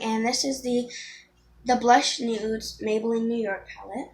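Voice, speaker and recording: A woman's voice: fairly high pitch, steady tone, measured pace, a little mellow, a little hiss or hum. A teenage girl chatting casually through a makeup tutorial, rambling with ums and restarts. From Florida. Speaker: beauty vlogger.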